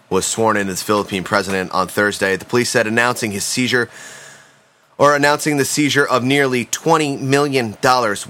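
A man's voice: on the low side, sharp tone, a little hiss or hum. A man co-hosting a casual podcast who wisecracks, swears and reads news items aloud. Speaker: podcast co-host. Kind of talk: casual banter.

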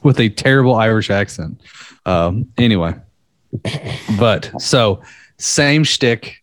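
A man's voice: lowish voice, lively intonation, slow, dry recording. A man chatting casually, retelling a myth in a loose, profane way and acting out the quotes. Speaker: podcast co-host.

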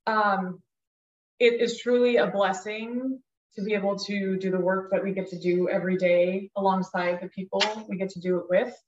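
A woman's voice: medium pitch, little pitch movement, normal speed, far from the mic, a little hiss or hum. Woman from south dakota, guest on a podcast, lots of ums, dull echoey sound. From South Dakota, USA. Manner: warm, grateful, frequent ums. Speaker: guest, nonprofit director. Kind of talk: casual interview.

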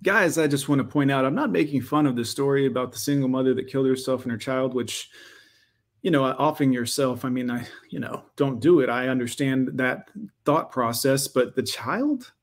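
A man's voice: mid-range voice, moderate pace. A man doing a sarcastic reaction commentary, interrupting a clip with wry asides.

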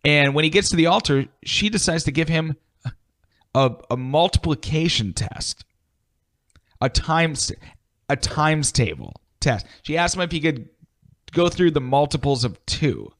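A man's voice: a little high, expressive, normal speed, fairly bright tone. A man co-hosting a casual podcast, telling a story in a wry, self-mocking way. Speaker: podcast co-host.

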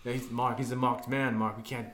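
A man's voice: mid-range voice, flat delivery, a little fast, crowd noise, close to an everyday voice. A man playing a blunt, cursing male mob underling. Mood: conspiratorial. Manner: blunt, profane. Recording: echoey room.

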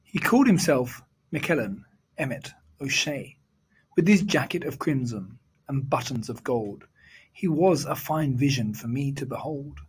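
A man reciting a rhyming children's poem in a measured, sing-song storytelling delivery. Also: mid-range voice, expressive, breathy edge.

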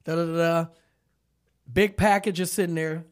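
With a clean, somewhat high voice at normal speed, a male podcast co-host chats casually. His storytelling is lively, full of laughter and acted-out lines.

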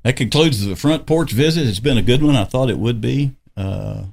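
A man's voice: mid-range voice, moderate pace, vocal fry, a little mellow. A man hosting a podcast in casual chat, rambling in a homespun way and chuckling often. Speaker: podcast host.

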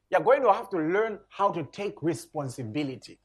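A man's voice: sits high, expressive, moderate pace, breathy edge. A man preaching a sermon, reading scripture with rising emphasis and explaining it to the congregation.

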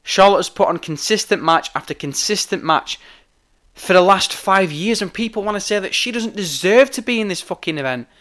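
A man's voice: high-pitched, expressive, a little fast, a bit bright. Heated man ranting. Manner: heated, emphatic, frequent swearing. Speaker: wrestling commentator. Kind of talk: opinionated rant.

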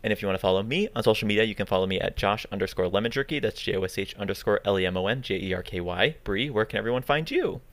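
A man's voice: on the low side, rapid-fire, hardly any pauses. A young man in his twenties co-hosting a podcast in casual chat, rambling and filling his talk with "like". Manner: rambling, fills with "like" constantly. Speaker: podcast co-host.

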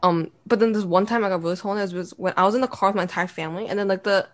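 A woman's voice: mid-range voice, very fast. Chatty teen girl telling family stories. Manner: animated storytelling with many fillers. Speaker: podcast co-host. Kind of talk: casual chat.

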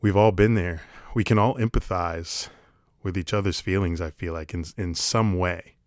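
A man's voice: low-pitched, fairly even intonation, normal speed, dry recording, clean studio sound. A man talking to camera in a casual comedic monologue, sarcastic and rambling, swearing casually. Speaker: vlogger.

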